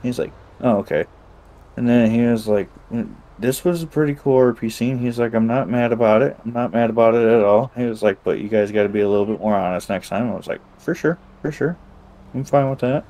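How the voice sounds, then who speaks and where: Low-voiced man retelling a roleplay scene. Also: steady tone, quick pace, dark tone, poor audio. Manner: retells scenes by acting out both sides of dialogue, swears casually. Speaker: gamer recounting a roleplay session. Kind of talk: casual chat.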